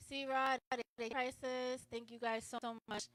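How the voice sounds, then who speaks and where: Female talk show host, higher-pitched and bright, rambling and animated, dry close sound. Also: a little slow, dry recording, poor audio. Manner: rambling, animated retelling with many restarts. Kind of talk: casual live show hosting.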